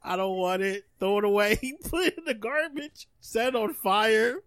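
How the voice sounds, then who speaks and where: A man co-hosting a podcast in casual chat, animated and laughing often. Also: high voice, normal speed, no echo, clean studio sound. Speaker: podcast co-host.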